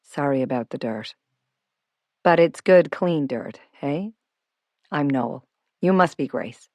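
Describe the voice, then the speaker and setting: A woman's voice: sits low, expressive, takes it slowly, no echo, full character voice. A woman voicing a friendly, wealthy Irish man who is down to earth and teasing, with an Irish accent. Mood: genial. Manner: warm, teasing, homely.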